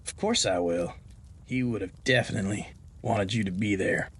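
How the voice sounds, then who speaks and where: A man's voice: lowish voice, normal speed, husky. A man voicing a sly, cheerful, rugged male rancher in a spoken audio drama, with an easygoing, folksy way of talking.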